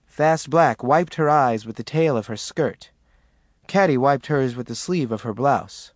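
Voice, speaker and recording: A man narrating an audiobook with expressive scripted reading. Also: mid-range voice, measured pace, no echo, clean studio sound.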